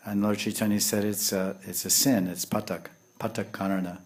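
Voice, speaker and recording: Male spiritual teacher, lower register, patient explanatory lecture delivery. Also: little pitch movement, moderate pace. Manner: explanatory, storytelling, sprinkles Sanskrit terms. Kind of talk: devotional lecture.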